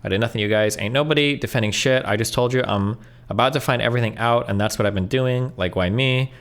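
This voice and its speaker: Male streamer, mid-range voice, reads messages aloud quickly and cuts in with blunt, profane asides. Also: medium pitch, a bit bright. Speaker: streamer reacting to online posts. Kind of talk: reading messages aloud with commentary.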